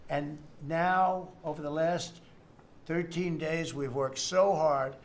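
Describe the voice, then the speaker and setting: Older American man in his 70s, politician at a meeting, a touch high-pitched, rambling, boastful, repetitive. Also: fairly even intonation, takes it slowly, a little hiss or hum. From United States. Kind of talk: off-the-cuff remarks at a meeting. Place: indoor meeting room.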